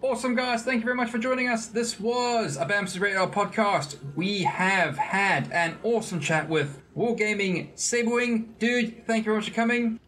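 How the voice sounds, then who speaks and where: A man's voice: sits high, moderate pace, hardly any pauses, a bit bright, slight background noise. A man hosting a podcast who speaks in an upbeat, friendly way. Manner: upbeat, friendly, says "dude" a lot. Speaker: podcast host. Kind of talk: casual podcast chat.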